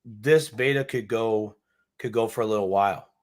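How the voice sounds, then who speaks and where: A man co-hosts a casual live chat about money, his voice sitting a bit low. He rambles, repeats words as he restarts his thoughts, and leans on easygoing slang. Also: normal speed. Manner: casual slang, says dude and bucks. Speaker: podcast co-host.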